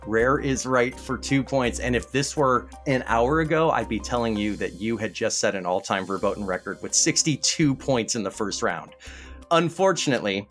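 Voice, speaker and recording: A man hosting a word game podcast, keeping score and teasing the players. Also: mid-range voice. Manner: animated, teasing, rapid bursts of scorekeeping. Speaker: game show host.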